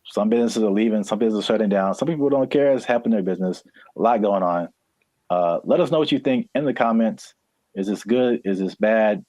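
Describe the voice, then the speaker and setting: A man co-hosting a casual podcast, rambling with lots of fillers and quick laughs. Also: fairly low pitch, darkish tone, no room sound. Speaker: podcast co-host. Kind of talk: casual chat.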